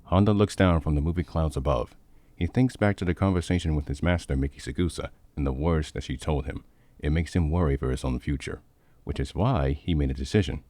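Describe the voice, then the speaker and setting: Deep-voiced male story narrator. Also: brisk, mellow, dry recording. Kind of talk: scripted narration.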